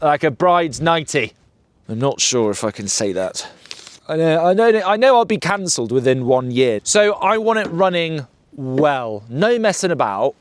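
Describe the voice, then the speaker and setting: Talking to camera in a relaxed way, a motorbike vlogger from the UK with a British English accent jokes about his motorbike, slinging slang and banter. His voice sits on the high side, clear and resonant. There is no echo.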